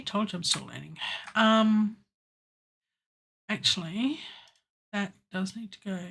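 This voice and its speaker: A woman in a home studio narrating her work on a live stream in a slow, unhurried way. She is playful and chatty, often talking to herself while she edits her track. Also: mid-range voice, fairly bright tone, breathy edge. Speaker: home studio musician livestreaming. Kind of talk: casual live-stream self-talk while producing music.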